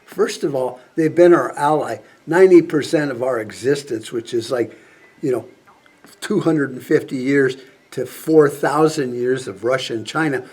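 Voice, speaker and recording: A man's voice: fairly high pitch, a little slow, a little mellow, slightly rough. A man vlogging a profane political rant, angry and sarcastic, swearing constantly. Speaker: prepper vlogger.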